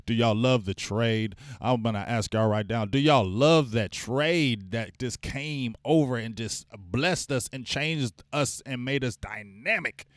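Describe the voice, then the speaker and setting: A man's voice: mid-range voice, unhurried, hardly any pauses, no echo. Man, hyped fan-stream host, rambling, dry close sound. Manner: hyped, rambling, talks to chat viewers. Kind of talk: casual live-stream sports talk.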